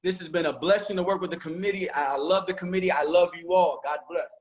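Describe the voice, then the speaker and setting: High-voiced man giving emotional thanks. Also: quick pace, background noise. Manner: emotional, rambling acknowledgements. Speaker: choir director. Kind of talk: virtual panel thanks.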